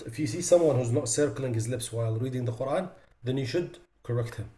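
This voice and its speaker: A man teaching a tajweed lesson, his voice sitting at an ordinary middle pitch. He explains each mistake in plain speech, then stretches out example words slowly and with emphasis to show the difference. The room around him is echoey and reverberant. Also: mellow. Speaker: Quran recitation teacher.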